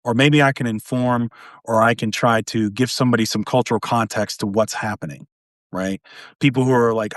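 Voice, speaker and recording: A middle-aged man speaks on a live video call in an earnest, rambling way and keeps dropping in "you know". His voice sits at a typical pitch. The sound is dry and close. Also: steady tone, fairly quick, fairly bright tone, no echo. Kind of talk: casual conversation on a live stream.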